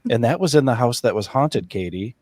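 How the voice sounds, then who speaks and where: A man's voice: mid-range voice, lively intonation, brisk, darkish tone, dry recording. Chatty man hosting over a dry mic. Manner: chatty, enthusiastic, laughs often. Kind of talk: casual panel chat.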